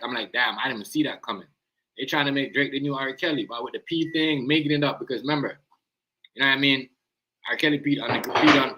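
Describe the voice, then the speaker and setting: A man's voice: medium pitch, pushed and bright, rough recording. A man hosting a live stream, rambling in casual slang and often asking "you know what I mean".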